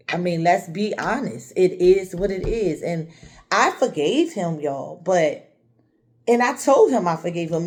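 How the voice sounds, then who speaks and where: Lady from chester pa telling her life story, low mellow voice, talks right to viewers. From Chester, Pennsylvania area. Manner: candid, speaks straight to viewers. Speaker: vlogger. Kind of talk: personal storytelling vlog.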